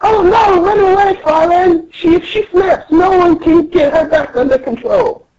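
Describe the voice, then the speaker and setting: A man voicing a tiny, panicky male fairy-folk worker in a squeaky voice on a lo-fi call. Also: measured pace, a little mellow. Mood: panicked.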